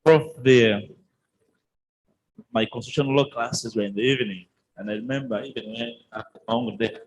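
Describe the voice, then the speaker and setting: A man's voice: mid-range voice, moderate pace, slight background noise, low-quality recording. A man, a workshop participant, putting a question in courteous, elaborate and formal phrasing.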